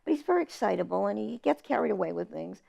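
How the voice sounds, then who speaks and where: A woman's voice: medium pitch, fast, vocal fry, slightly rough, highs cut off. A woman from Massachusetts, an author telling family stories in a casual interview, acting out the people she quotes. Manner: animated storyteller, quotes family in lively voices. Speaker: author guest.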